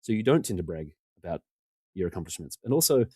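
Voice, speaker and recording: A man in his forties, a podcast guest, telling casual stories in a self-deprecating way and getting animated when he quotes other people. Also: low voice, fast talker, husky, dry recording, studio quality. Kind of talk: casual storytelling interview.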